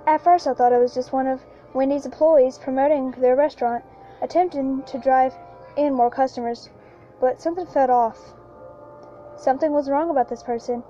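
High, mellow woman narrator for a halting, restart-heavy horror reading, dull lo-fi track. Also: steady tone. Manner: halting, with frequent restarts and repeated lines. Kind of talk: first-person horror story reading. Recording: lo-fi with faint background music.

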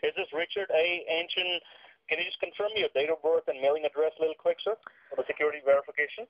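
A man's voice: fairly high pitch, steady tone, fast. A man working as a call center agent, politely insistent and packing his talk with fillers. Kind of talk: phone call. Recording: muffled phone line.

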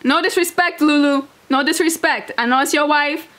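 A woman's voice: high voice, moderate pace, a bit bright. A woman hosting a reaction video, talking casually and bluntly, laughing often and swearing freely.

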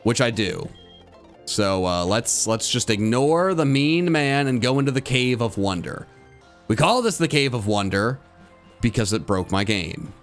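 A man streaming a video game live, chatting with his viewers and breaking into loud, frustrated outbursts. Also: mid-range voice, big pitch swings, measured pace, faint music behind. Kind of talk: live gameplay commentary.

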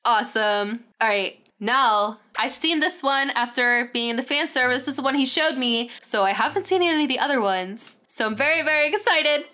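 A young woman hosting a game tour, gushing with excitement and saying "very, very" over and over as she chats casually. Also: high-pitched, normal speed, hardly any pauses. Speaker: gaming channel host. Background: faint background music.

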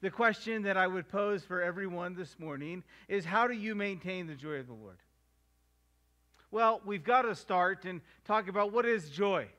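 A middle-aged male pastor preaching a sermon, slowing down to stress the verses he quotes and acting out household scenes in voices. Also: sits high, expressive, bright, forceful tone.

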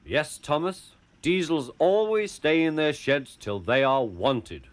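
A man's voice: fairly high pitch, expressive, slow, voice pushed up. A man voicing a stern, formal railway boss scolding an engine in a children's storybook. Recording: background music.

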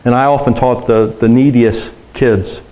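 A man's voice: mid-range voice, fairly even intonation, a little slow, warm tone, poor audio. A middle-aged man, a pastor, preaching a sermon to a congregation, telling personal stories in a conversational way and asking the room questions.

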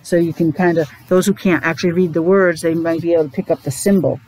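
A woman's voice: on the low side, fairly even intonation, fast talker, darkish tone, rough recording. A woman teacher with a Rhode Island accent, chatting to her students as she introduces a picture book, making playful animal sounds.

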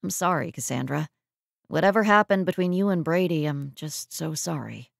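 A woman voicing an apologetic, gently teasing man who speaks softly in an audiobook. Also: low voice, lively intonation, normal speed, vocal fry, dry recording, studio quality, heavily acted. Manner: soft, repeatedly apologetic.

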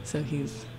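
A young woman chatting casually to camera at home in a lifestyle vlog, bubbly and excitable. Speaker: lifestyle vlogger. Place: at home in her room.

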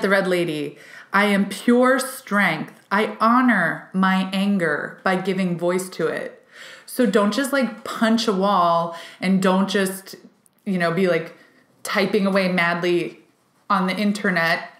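A woman giving a casual, channeled card reading to her viewers, excited and chatty, with many "like" fillers. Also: medium pitch. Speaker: intuitive card reader. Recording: roomy echo.

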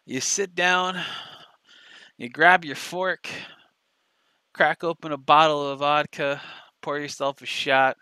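A man's voice: fairly high pitch, steady tone, slow pace, pauses often, pushed and bright, clean tone, dry recording. A man giving casual, sarcastic commentary, telling mocking stories and swearing freely. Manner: sarcastic, mocking storytelling with profanity. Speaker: commentary YouTuber.

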